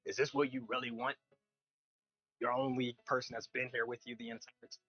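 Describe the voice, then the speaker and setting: A man voicing his warrior character, pleading earnestly and demanding answers in a slow, steady way. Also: medium pitch, husky, highs cut off, soft background music, close to an everyday voice. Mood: hurt, pleading.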